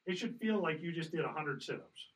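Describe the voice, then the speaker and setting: A man working as a hunting guide, coaching someone in a relaxed way, patiently correcting him and demonstrating sounds. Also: on the high side, fairly quick, far from the mic, slight background noise, rough recording. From Colorado. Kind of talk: casual coaching.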